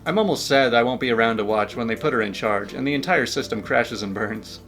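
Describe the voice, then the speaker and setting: A man's voice: medium pitch, fairly quick, a bit bright, faint music behind. A man reading online stories aloud and adding dry, casual asides. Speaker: YouTube story reader. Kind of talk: reading online posts with commentary.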